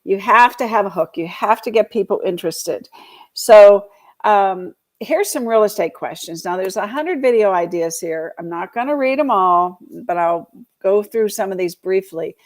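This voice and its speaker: A woman's voice: mid-range voice, expressive, moderate pace. A woman from Georgia hosting a casual live show on real estate, chatty and rambling, with many fillers and laughs. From Georgia, US South. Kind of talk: casual live-stream talk.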